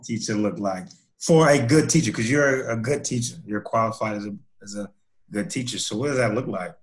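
A man co-hosting a casual podcast chat, asking halting, joking questions. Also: fairly low pitch.

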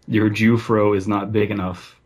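A man co-hosting a podcast in casual chat, halting and repeating himself as he thinks aloud. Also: lowish voice, little pitch movement. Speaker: podcast co-host.

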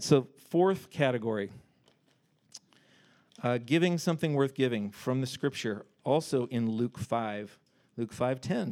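Male preacher, mid pitch, casual and animated, reads verses then riffs on them. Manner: animated, conversational, breaks off to joke and paraphrase. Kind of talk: casual sermon with scripture reading.

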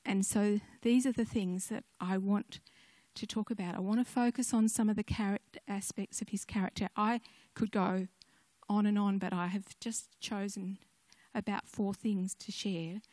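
Older woman telling church stories, chatty and gentle, dry recording, no room echo. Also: mid-range voice, steady tone, moderate pace, hardly any pauses. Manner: gentle storytelling, conversational asides. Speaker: speaker sharing a devotional message. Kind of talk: personal testimony sermon.

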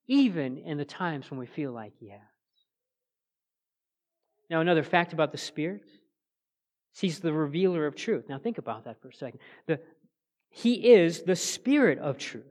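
A man preaching a sermon as pastor, earnest, rising to emphatic peaks and then dropping soft. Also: high-pitched, lively intonation, normal speed. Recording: long church reverb.

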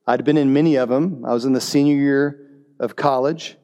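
A middle-aged man preaching a sermon, telling the story with lively animation and briefly voicing the characters' lines. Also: medium pitch, normal speed, lo-fi sound. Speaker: pastor.

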